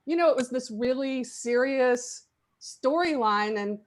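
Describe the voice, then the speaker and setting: Lively middle-aged woman telling a story. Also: high voice, a little slow. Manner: lively storytelling with frequent laughs. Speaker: guest actress. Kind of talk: podcast interview chat.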